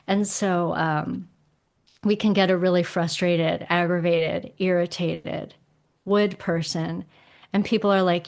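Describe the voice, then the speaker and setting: A middle-aged woman with a slightly low voice, chatting as a podcast guest. She explains things in a lively, expressive way, slipping into acted-out quotes with punchy emphasis. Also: unhurried. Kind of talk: casual conversational explanation.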